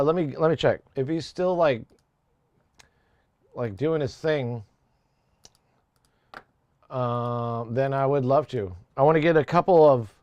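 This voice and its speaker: A young man chats casually on a live music-production stream. He rambles, swears and laughs at his own jokes. His voice sits fairly high, and the sound is dry and close. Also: no room sound. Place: home studio.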